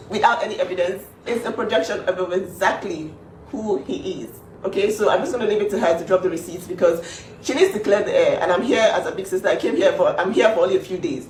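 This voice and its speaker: A woman's voice: mid-range voice, darkish tone. Woman, vlog, emphatic, repetitive, distant mic, roomy echo, faint background hiss. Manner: emphatic, repeats herself, many fillers. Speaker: older sister speaking up for her sibling. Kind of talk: casual to-camera vlog. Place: home kitchen.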